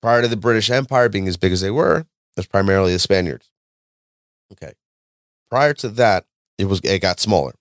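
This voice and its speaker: A man hosting a podcast, ranting and lecturing in a loud, profane, animated way. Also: low voice, fairly quick, long pauses, no echo, clean studio sound. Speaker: podcast host. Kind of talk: casual podcast chat.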